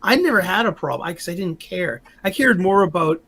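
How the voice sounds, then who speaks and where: A man's voice: high-pitched, animated, a little fast, bright, forceful tone. A man hosting a podcast in casual chat, rambling and often stumbling over his words. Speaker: podcast host.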